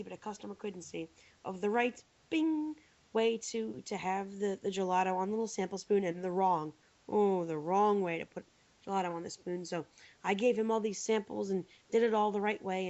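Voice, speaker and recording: Woman podcaster, chatty rambling storyteller, tired, mid-pitched, dull lo-fi sound. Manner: rambling, animated storytelling with many fillers. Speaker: podcast co-host. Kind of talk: casual storytelling chat.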